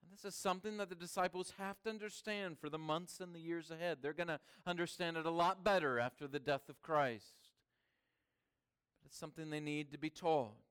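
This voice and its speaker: Male preacher, fairly high and clear, sermon delivery with hushed-to-emphatic swings. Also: fairly even intonation, fairly quick. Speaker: pastor.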